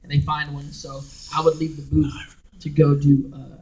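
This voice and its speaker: A man, a voice actor on a convention panel, telling animated stories in a casual way and laughing as he acts out quotes. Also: on the high side, normal speed, slight background noise. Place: dim convention panel room. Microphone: recorded from the audience by a camera far from the stage. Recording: distant audience recording.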